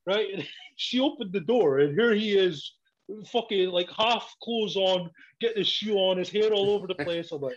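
Man telling a raunchy story, lo-fi. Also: moderate pace. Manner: swears a lot, laughs while telling a story. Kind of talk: casual storytelling. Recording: dull, low-fidelity recording.

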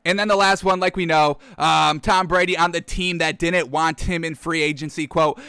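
High bright-voiced excitable sports talker. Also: male voice, moderate pace, hardly any pauses, clean tone, no room sound, clean studio sound. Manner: excitable, profane, keeps addressing the audience as folks. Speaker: sports talk host. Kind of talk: casual sports commentary.

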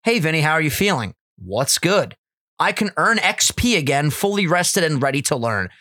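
A man's voice: fairly high pitch, sing-song, moderate pace, pushed and bright. A man voicing a cute, eager young female AI girlfriend chatbot. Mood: chirpy. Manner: sweet, upbeat, eager.

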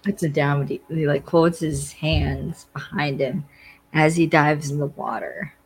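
A podcast host rambles through a casual TV episode recap at a measured pace, voice husky and medium-pitched with vocal fry and little pitch movement. The recording is rough, and the host says "like" a lot while acting out characters' quotes.

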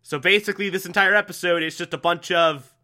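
A young man casually recapping a TV episode, animated and laughing often, acting out the characters' lines. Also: sits high, fast. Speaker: TV episode reviewer. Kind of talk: casual recap with acted-out quotes.

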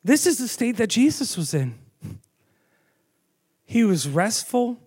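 A man preaching a sermon, telling the story with animated storytelling and asking the audience questions. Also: extremely high pitch, slow, slightly rough.

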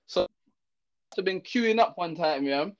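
A young man from Zimbabwe, telling a story in casual chat, slangy and animated, full of fillers and restarts. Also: high voice, unhurried. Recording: dull lo-fi audio.

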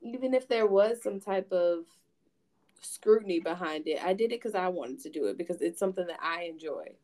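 A woman's voice: fairly low pitch, lively intonation, fairly quick, mellow. A woman hosting a podcast, telling candid stories in casual chat and swearing freely. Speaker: podcast host.

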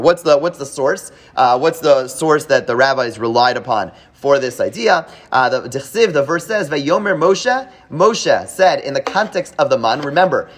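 A man's voice: a little high, slightly rough. A man teaching a live class, explaining at length with many fillers, restarts and rhetorical checks to his students. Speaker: teacher leading a Talmud class.

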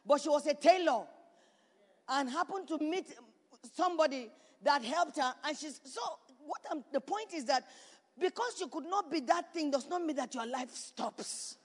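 Female pastor, very high voice, fervent repetitive preaching, long church reverb. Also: moderate pace. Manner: preaching with rising shouts and repetition. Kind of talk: sermon.

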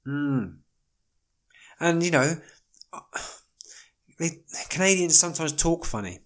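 A man's voice: fairly high pitch, expressive, slow, long pauses, fairly bright tone. A man hosting a casual solo podcast, rambling with wry jokey asides and plenty of ums. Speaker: podcast host.

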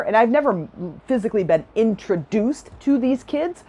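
A woman's voice: medium pitch, animated, brisk, hardly any pauses, a little mellow. Enthusiastic middle-aged woman telling stories. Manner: enthusiastic, chatty, laughs often. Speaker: self-help speaker. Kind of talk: personal storytelling talk.

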